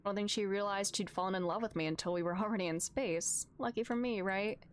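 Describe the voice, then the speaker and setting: A tender, slightly tired farmer father who reminisces and teases his child kindly, voiced by a woman reading game text aloud. The voice sits a bit lower and calmer than her normal talk. A faint ambient hum runs underneath. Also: fast talker, close to an everyday voice. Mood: reminiscing. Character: gentle middle-aged farmer dad, tender.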